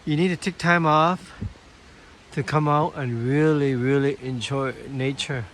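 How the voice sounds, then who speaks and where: Man, unhurried, wonder-struck, outdoor trail vlog, noisy open-air sound. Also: a little high, fairly even intonation, a bit bright. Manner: awestruck, keeps exclaiming over the view. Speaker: nature vlogger. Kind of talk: casual narration while walking outdoors. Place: outdoors on a hillside trail near a waterfall.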